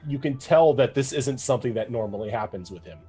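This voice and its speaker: A man's voice: medium pitch, fast, dark tone, slightly rough, faint music behind. A man narrating a tabletop game as game master, casual and full of fillers. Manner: casual, with many fillers and laughs.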